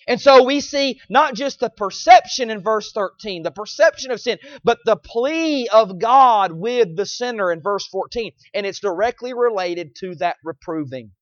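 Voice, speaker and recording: High-voiced pleading preacher. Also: male voice, expressive, normal speed, hardly any pauses, dry recording, highs cut off. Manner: emphatic, repeats phrases, swings from loud pleading cries to low quiet lines. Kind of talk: sermon.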